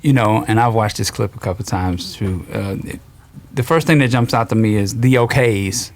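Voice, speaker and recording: A man co-hosting a casual podcast chat, reflective and measured. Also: on the low side, a little hiss or hum. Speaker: podcast co-host.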